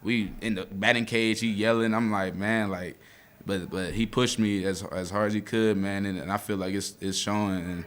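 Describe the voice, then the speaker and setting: Young male athlete, twenties, deep steady voice, casual speech, holding back tears. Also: moderate pace. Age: 20s. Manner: choked up, near tears, heartfelt; casual speech, says "man" often. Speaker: college football player. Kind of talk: emotional postgame interview.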